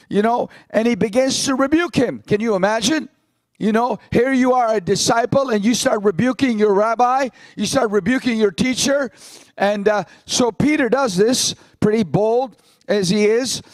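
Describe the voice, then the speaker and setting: A man's voice: very high-pitched, no echo, low-quality recording. A man, a pastor, preaching a sermon in an emphatic style, quoting scripture.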